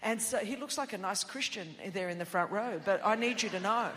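Woman preacher; bright, cutting tone; emphatic, shouty peaks; long hall reverb. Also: mid-range voice, a little fast, slight background noise. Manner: emphatic, builds to shouted declarations, chatty asides. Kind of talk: sermon. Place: large church auditorium.

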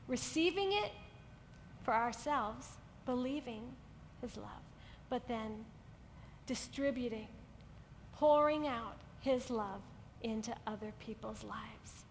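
A woman preaches with a very high voice in an earnest, repetitive style. Her words ring out with a long hall reverb, and a faint noise sits underneath. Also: fairly bright tone. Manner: earnest, building to emphatic repetition. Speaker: pastor. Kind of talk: sermon to a women's gathering.

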